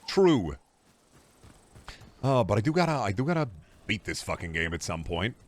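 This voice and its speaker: A man streaming a game, chatting casually with viewers in animated, profane bursts. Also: fairly low pitch, moderate pace, pauses often. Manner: animated, swearing, mock-scolding outbursts. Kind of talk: casual gameplay commentary.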